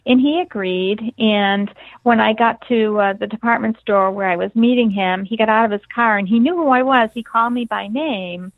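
A woman with a fairly high voice speaks at normal speed over phone-line sound without echo. She's a guest and author, earnestly recounting a personal story and vividly acting out its dialogue.

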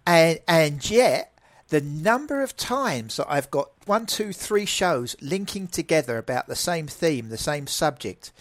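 A woman's voice: deep voice, sing-song, measured pace. A woman hosting a talk show, reacting to her guest and musing about how her shows come together. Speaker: host. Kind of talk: interview chat.

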